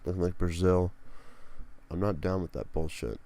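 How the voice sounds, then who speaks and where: A young man from Pennsylvania rambles through a solo podcast, cursing freely. His voice sits very low with a gravelly, dark edge. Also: fairly even intonation, moderate pace. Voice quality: profane, rambling, grumbling. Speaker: podcast host. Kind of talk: casual solo podcast monologue.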